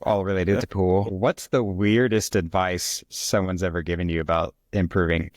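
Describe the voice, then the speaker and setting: Male host, very deep voice, relaxed questions, dry sound. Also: normal speed, dry recording. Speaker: podcast host. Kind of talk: casual interview.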